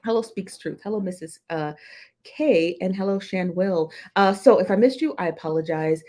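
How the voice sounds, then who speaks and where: A woman's voice: on the low side, normal speed, dark tone. Chatty woman hosting a live stream. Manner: chatty, greets viewers by name, slangy asides. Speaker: host of a live-stream reaction show. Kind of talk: casual live-stream chat. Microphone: desk mic, close.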